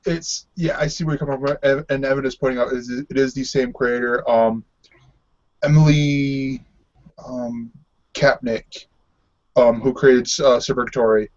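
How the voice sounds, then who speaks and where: A man co-hosts an easygoing TV podcast in a steady, darkish mid-range voice at a moderate pace. He hesitates a lot, dropping many ums, and laughs often. The sound is dull and lo-fi.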